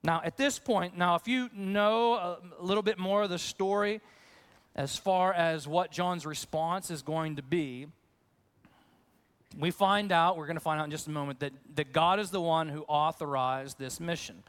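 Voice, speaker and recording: A man's voice: on the high side, normal speed, clean tone. A man, a pastor, preaching a conversational sermon to his congregation, acting out voices as he goes. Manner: conversational, animated, acts out questions.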